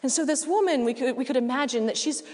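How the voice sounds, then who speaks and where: A woman's voice: high voice, fast talker. Woman preaching in a reverberant church. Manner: conversational, relaxed preaching with casual asides. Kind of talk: sermon.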